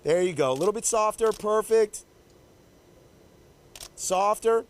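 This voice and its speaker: Here the wedding photographer speaks at a measured pace in a high voice. In a confined indoor space, he demonstrates posing live, cheerfully coaxing the couple and giving them direction after direction.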